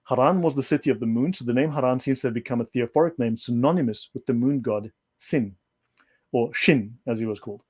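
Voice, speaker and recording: A man's voice: mid-range voice, a little fast, a little mellow, breathy edge. A man speaking as a guest on a livestream, lecturing in an emphatic way and repeating his points. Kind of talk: livestream discussion.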